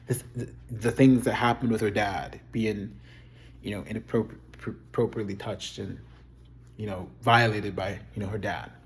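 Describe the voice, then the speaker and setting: A man in a casual video, giving blunt, profane opinions in a rambling, candid way. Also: fairly low pitch. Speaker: video creator reviewing a TV show. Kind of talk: casual chat.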